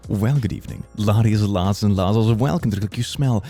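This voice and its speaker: A man's voice: on the low side, brisk, loud music behind the voice. A man from Sweden with a Swedish accent, hosting in a playful, goofy, casual comedic commentary style. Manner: playful, goofy, jumps into silly voices. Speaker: host.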